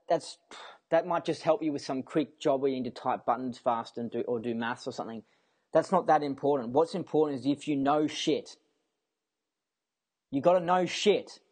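A man's voice: fairly high pitch, a little mellow, breathy edge. A young man in a casual rant to camera, rambling and emphatic, swearing freely and restarting his sentences as he goes. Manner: repeats himself and restarts sentences.

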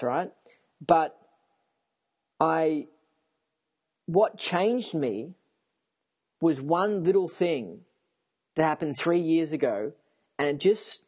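A man talking to camera in a rambling personal monologue, excitable and often repeating himself. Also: a little high, breathy edge. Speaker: vlogger.

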